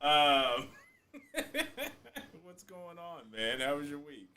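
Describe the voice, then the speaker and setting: A man hosting a podcast, chatting casually and joking, often breaking into loud laughter. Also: a little high, slow. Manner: animated, joking, laughs loudly. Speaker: podcast host.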